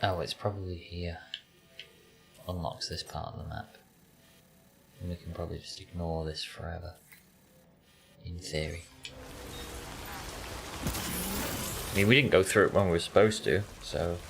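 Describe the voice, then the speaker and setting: A man's voice: low-pitched, animated, measured pace, gravelly, pauses often, a bit bright, slight background noise. A man, casually chatting to viewers while playing a game, dry and offhand. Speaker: gaming streamer.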